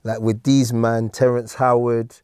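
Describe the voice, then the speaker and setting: A man's voice: mid-range voice, a little slow, smooth, no room sound, studio quality. A middle-aged man with a London accent, telling stories casually as a guest in an interview, full of slang. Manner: relaxed storytelling with slang and laughs. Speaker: guest actor.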